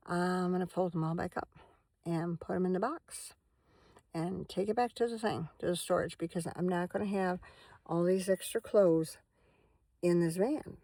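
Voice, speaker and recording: At night inside her van, a woman who is a vlogger and minister chats casually to the camera, rambling from one topic to the next and talking to her dog in between. Her voice is lowish and warm, in a dry recording.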